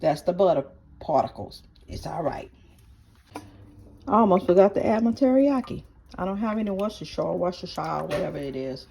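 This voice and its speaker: Lady with a low voice chatting thru her cooking, pots n dishes clanking behind her. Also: animated, brisk, gravelly, mellow, a little hiss or hum. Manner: chatty, talks viewers through each step. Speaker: home cooking vlogger. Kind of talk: casual cooking chat. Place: home kitchen.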